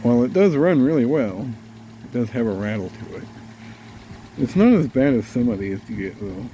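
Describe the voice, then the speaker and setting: A man's voice: mid-range voice, big pitch swings, moderate pace, warm tone, a little hiss or hum. A congested man rambling casually as he shows off and tests an old electric fan. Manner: rambling, easygoing, thinks aloud with fillers. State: congested, nasal from a cold. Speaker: fan collector reviewing a vintage fan. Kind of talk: casual show-and-tell vlog.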